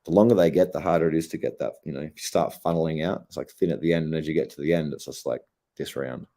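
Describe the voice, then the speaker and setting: A stoned young Australian man with a very deep, dark and mellow voice. He talks in a loose, laid-back ramble, swearing constantly as he chats to his livestream. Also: quick pace. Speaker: streamer. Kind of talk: casual livestream chat.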